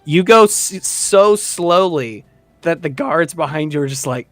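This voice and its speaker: A man's voice: a little high, measured pace, fairly bright tone, no echo, faint music behind. A man narrating a tabletop game as game master, casual and rambling with many fillers.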